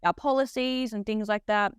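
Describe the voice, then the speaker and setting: A woman's voice: on the high side, fairly even intonation, moderate pace, smooth, dry recording, clean studio sound. A young adult woman hosting a podcast, upbeat and casual with many filler words. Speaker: podcast host. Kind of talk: casual interview chat.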